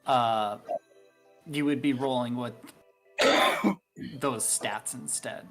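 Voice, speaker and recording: Laid-back game master explaining rules. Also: male voice, mid-range voice, steady tone, takes it slowly, faint music behind.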